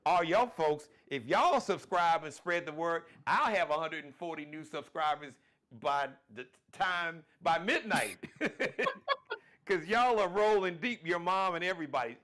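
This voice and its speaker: Man, show host, AAVE, casual live-stream talk, folksy, animated. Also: fairly high pitch, measured pace. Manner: animated, folksy, plugs and shout-outs.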